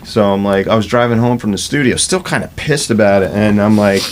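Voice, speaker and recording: Male rock musician in his fifties, slightly low voice, candid and profane, a natural storyteller. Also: a little fast, a little hiss or hum. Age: 50s. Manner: swears freely, acts out quoted exchanges. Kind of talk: casual storytelling interview.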